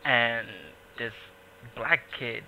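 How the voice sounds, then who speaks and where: A man hosting a casual podcast, telling a profane, animated story and acting out the people in it. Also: medium pitch, very slow, highs cut off, a little hiss or hum. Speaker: podcast host.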